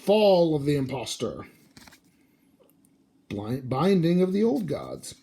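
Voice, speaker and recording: A card-opening video host, sleepy and yawning, reads out card names in a muttering, offhand manner as he unboxes booster packs. His voice is fairly high, very animated, and slow-paced, with a gravelly, dark, slightly rough quality.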